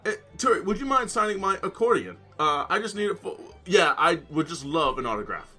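A man's voice: high voice, very animated, brisk, sharp tone, slightly rough, faint music behind. A man playing a tabletop game, asking plain, direct questions. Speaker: player.

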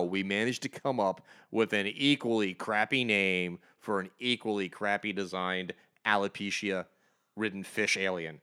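Male podcast co-host, sarcastic animated ranter, bright tone. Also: lowish voice, moderate pace, clean tone. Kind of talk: comic book review podcast.

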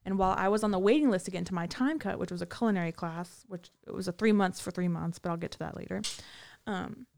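Woman guest, vocal fry, rambling storyteller with lots of fillers. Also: fairly low pitch, quick pace, darkish tone, a little hiss or hum. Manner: rambling, many fillers and restarts. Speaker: guest recounting prison time. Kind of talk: casual storytelling.

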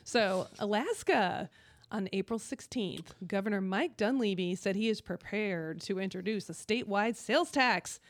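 A woman's voice: medium pitch, normal speed, no room sound, studio quality. A middle-aged woman co-hosting a podcast, chatting casually with a teasing manner. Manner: teasing, lively. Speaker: podcast co-host. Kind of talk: casual chat.

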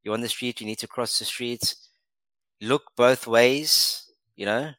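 A man's voice: medium pitch, unhurried, a bit bright, no room sound, low-quality recording. A man co-hosting an English lesson podcast, encouraging and praising often, with many uh fillers. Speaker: podcast co-host.

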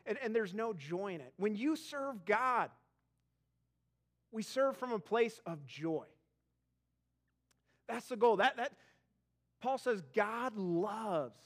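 A man in his thirties preaching a sermon as pastor, telling stories with lively emphasis and frequent repeated words. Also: sits high. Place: church auditorium.

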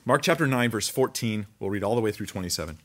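A man preaching a conversational sermon, reading scripture aloud and commenting with animated asides. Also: fairly low pitch, fast talker. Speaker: pastor.

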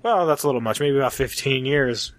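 A man's voice: mid-range voice, brisk, no echo, natural voice. A man voicing a put-upon, self-pitying male anthropomorphic rhino superhero who swears in exasperation.

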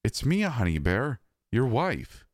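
A man voicing a dead wife who speaks through six strangers at once, calm and unsettling. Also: mid-range voice, slow, no room sound, clean studio sound, voice pushed up. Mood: eerie. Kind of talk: storytelling narration.

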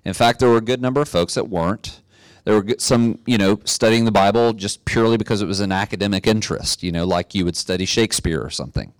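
A middle-aged man preaching a sermon, telling a story in a relaxed way and building to emphatic exhortation. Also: fairly low pitch, fast, clean tone, no room sound. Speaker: pastor.

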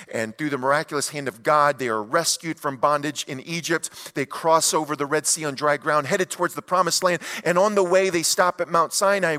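A man preaching an expository sermon with an animated, emphatic delivery and folksy asides. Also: a little high. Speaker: pastor. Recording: long hall reverb.

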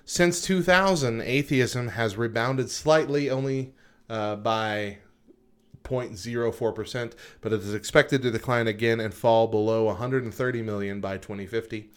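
A man co-hosting a casual podcast, reading statistics from a list with frequent pauses and adding informal comments. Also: medium pitch, clean tone. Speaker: podcast co-host.

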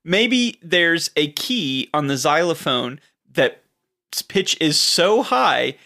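Male podcast co-host, fairly high, animated pitch, teasing banter. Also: takes it slowly, vocal fry. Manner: playful, teasing, mock-nostalgic riffs. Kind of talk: casual comedic chat.

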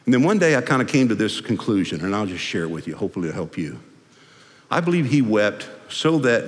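A man preaching a sermon as a pastor, emphatic and swinging between loud declarations and hushed, soft passages. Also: lowish voice, big pitch swings, a little fast. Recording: reverberant hall.

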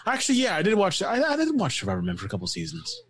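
A man's voice: sits high, huge pitch swings, very fast, breathy edge, no room sound. A man joking around while commenting on a video game with a friend. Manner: joking, reacting loudly, slips into silly voices. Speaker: gameplay commentator. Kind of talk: casual gameplay commentary.

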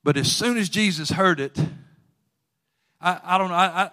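Male preacher, slightly high voice; fervent sermon delivery, quiet retellings building to loud exhortation. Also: normal speed.

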